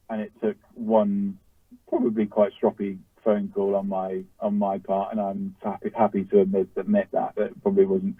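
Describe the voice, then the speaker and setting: A man's voice: lowish voice, dry recording. A racehorse trainer, a man, telling a long story in an interview, rambling with lots of fillers and restarts. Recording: tinny phone-like line, distant from mic.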